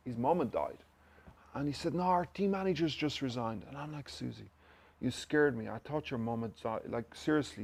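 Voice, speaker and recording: A man's voice: medium pitch, vocal fry. An Irish man, an interview guest, telling stories in a casual chat and acting out the dialogue he quotes. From Ireland. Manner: anecdotal, acts out quoted dialogue. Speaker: interview guest, company director.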